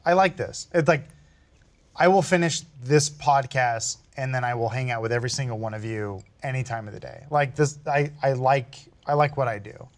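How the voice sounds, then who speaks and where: A man's voice: mid-range voice, normal speed. A man in his thirties co-hosting a podcast, talking earnestly about his work with jokes mixed in. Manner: earnest, jokey, trails off and restarts. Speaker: podcast co-host. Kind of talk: casual chat.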